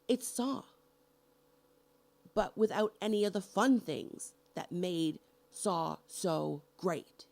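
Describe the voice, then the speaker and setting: A woman's voice: fairly low pitch, lively intonation, takes it slowly, gravelly, a little mellow. A middle-aged woman vlogging a heated, profane rant about horror movies, hammering each point with emphasis. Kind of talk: angry movie rant to camera.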